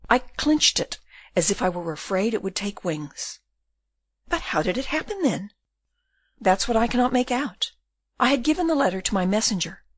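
A woman's voice: medium pitch, no room sound. A woman doing a tearful frightened girl. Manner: sobbing, pleading.

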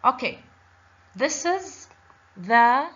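A woman's voice: high voice, big pitch swings, very slow, a bit bright, breathy edge. A woman teaching a children's lesson on letters, patiently repeating each word and asking the class questions. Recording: dull lo-fi recording.

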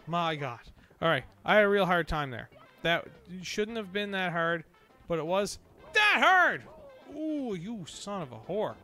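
A man playing a video game and commenting as he goes, swearing and blowing up in frustration, then talking himself back down into calm. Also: high-pitched, measured pace, faint music behind. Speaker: let's play host. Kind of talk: gameplay commentary. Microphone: desk microphone.

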